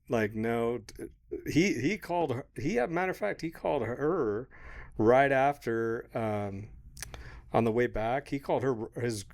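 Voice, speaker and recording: A man in his thirties with a fairly low voice spins a long, rambling tale for a podcast. He swears freely, quotes people as he goes and keeps breaking into laughter. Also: darkish tone. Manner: rambling, swearing, laughing mid-story, quoting others. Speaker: podcast co-host. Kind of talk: casual storytelling chat.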